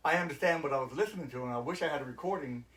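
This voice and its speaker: A man's voice: a little high, rapid-fire, a crowd in the background, rough recording. A man in a band, co-hosting a casual livestream chat, wry and easygoing, laughing as he tells stories. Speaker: band member and co-host.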